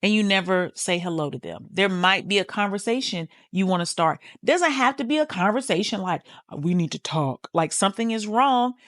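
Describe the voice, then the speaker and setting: A woman's voice: mid-range voice, lively intonation, brisk, few pauses, no room sound. Candid, swearing woman podcast host, dry sound. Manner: candid and swearing, direct to listener. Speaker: podcast host, healing coach. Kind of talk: casual motivational talk.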